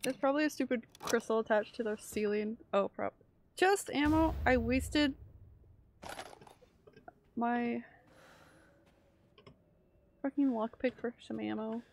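A woman's voice: a little high, takes it slowly, pauses often, slight background noise. Chatty woman streamer, swearing freely. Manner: chatty, swears, frantic bursts. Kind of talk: live gameplay commentary.

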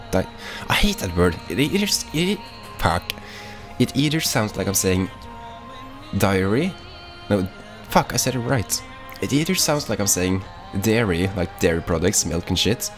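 A man giving casual, rambling let's-play commentary, swearing freely and talking offhandedly as he plays. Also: lowish voice. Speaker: gaming YouTuber.

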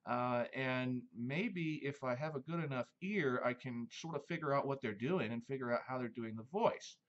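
Male host, casual rambling monologue, mid-pitched voice, slightly muffled audio. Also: moderate pace. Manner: rambling, reminiscing, many fillers.

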